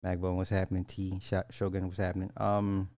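A man hosting a casual live show, greeting chat viewers by name in an animated, playful way. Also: low-pitched, a little fast, dry recording, studio quality. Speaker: host.

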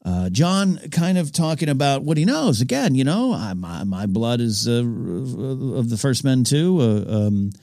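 A man's voice: mid-range voice, big pitch swings, unhurried, few pauses, warm tone, no room sound, clean studio sound. A man hosting a podcast, recapping an episode in an enthusiastic, rambling way with frequent restarts. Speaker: podcast host. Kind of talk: casual episode recap commentary.

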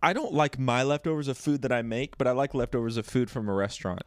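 A man's voice: fast talker, no room sound. Teasing man from Texas, dry close sound. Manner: joking, teasing, breaks into high squeals. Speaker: podcast co-host. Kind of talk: casual chat.

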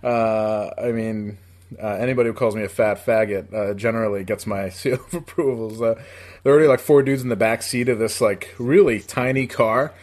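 A man's voice: on the low side, a little fast, darkish tone. A man from upstate New York telling a long story in casual chat, profane and rambling, laughing as he goes.

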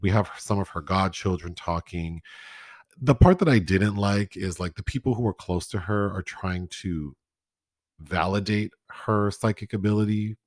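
Low-voiced guy chatting about movies, blunt and opinionated, dry close sound. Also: normal speed, no echo. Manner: opinionated, frank, swears casually. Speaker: podcast co-host. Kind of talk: casual chat reviewing films.

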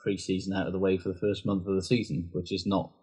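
A man's voice: deep voice, little pitch movement, fast talker, warm tone, breathy edge. A man co-hosting a podcast, talking rugby in casual, sweary banter. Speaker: podcast co-host. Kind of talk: casual chat.

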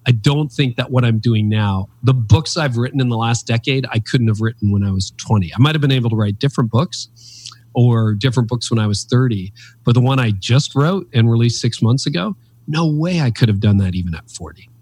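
A man in his fifties, an author and speaker, telling stories in an interview with emphatic, animated delivery. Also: brisk, breathy edge. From Canada. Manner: animated, emphatic storyteller with pitch leaps. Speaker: podcast guest, author and speaker. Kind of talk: reflective interview storytelling.

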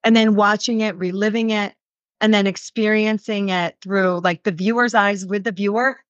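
A woman in her thirties, a reality show cast member, answering interview questions in casual, animated speech full of "like" fillers. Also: mid-range voice, moderate pace, no room sound. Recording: dull lo-fi sound.

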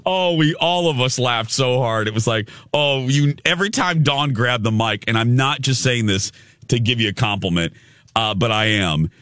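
A male radio host chatting on air, telling a story in an animated, rambling way with lots of restarts. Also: mid-range voice, normal speed, no echo, studio quality. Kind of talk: casual on-air chat.

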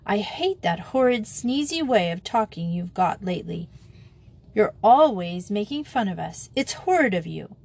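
A woman's voice: medium pitch, very animated, normal speed, vocal fry, darkish tone. A woman reading the lines of a spirited, outspoken schoolgirl in a storybook, blunt and teasing. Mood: indignant.

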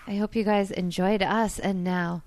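A woman's voice: medium pitch, steady tone, normal speed, darkish tone, no room sound. A woman hosting a podcast, chatting casually and gushing with laughter. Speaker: podcast host. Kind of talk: casual chat.

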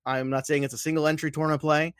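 This man co-hosts a fantasy football show, keeping the sports betting chat casual but emphatic and circling back to repeat his points. His fairly high voice stays level in tone, moving quickly with a fairly bright, clean quality. There's no room sound, just a clean studio recording.

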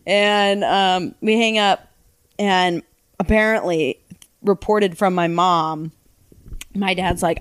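A woman telling a lively personal story in casual chat, acting out the people she quotes. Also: fairly low pitch, takes it slowly, long pauses, smooth, no echo. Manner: animated, acts out quotes in other voices. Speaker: podcast guest.

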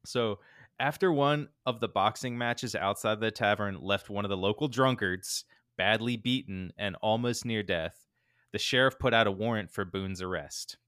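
A man co-hosting a podcast, telling a true-crime story in a laid-back, animated way with lots of fillers. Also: on the low side, normal speed, dry recording, clean studio sound. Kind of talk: casual storytelling chat.

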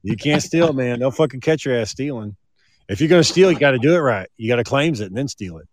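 A man's voice: mid-range voice, quick pace, dry recording. Man, mid voice, swings a lot, profane storyteller, dry recording. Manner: swearing, lively storytelling. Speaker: podcast co-host. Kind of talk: casual chat.

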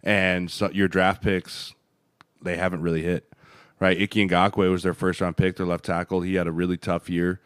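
Ex-lineman podcast co-host: low voice, blunt, swears freely, dry studio sound. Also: moderate pace, clear, resonant tone, no echo. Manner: blunt, profane, animated storytelling. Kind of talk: casual sports chat.

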